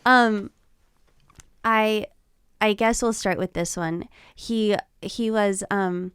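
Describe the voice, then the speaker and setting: A young woman chats as a podcast guest, laughing her way through dating stories and acting out the lines of the people in them. Her voice is smooth and clear, and the studio sound is dry and close. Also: medium pitch, slow, dry recording. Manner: giggly, animated storyteller who acts out quotes. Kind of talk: casual chat, telling dating stories.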